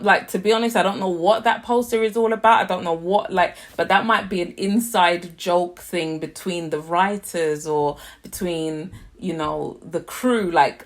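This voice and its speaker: A woman's voice: fairly low pitch, steady tone, unhurried. A young British woman chatting casually to camera as she reviews a TV series, filling her talk with "like". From United Kingdom. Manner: chatty, leans heavily on "like" as filler.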